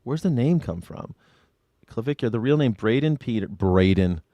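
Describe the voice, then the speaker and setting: A man's voice: medium pitch, animated, moderate pace, mellow, dry recording, clean studio sound. A man hosting a live news reaction stream, talking casually, joking and mocking, swearing freely. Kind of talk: casual livestream commentary.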